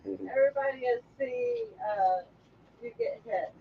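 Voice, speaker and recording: A woman's voice: sits high, huge pitch swings, unhurried, gravelly, highs cut off. A woman co-hosting a casual livestream, chatting and reading viewer comments. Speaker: co-host of a livestream. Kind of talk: casual chat.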